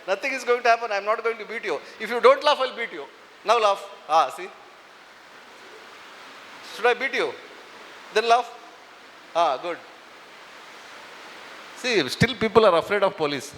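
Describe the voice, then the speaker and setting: High, bright Indian English man in a hall. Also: animated, moderate pace, pauses often, a little hiss or hum. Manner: teasing, coaxing the audience. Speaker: police officer giving a talk. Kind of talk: motivational talk to students. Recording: echoey hall.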